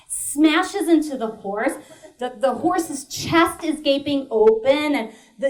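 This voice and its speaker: A woman performing a solo comedy show, telling a story with laughter and dry, deadpan asides. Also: high-pitched.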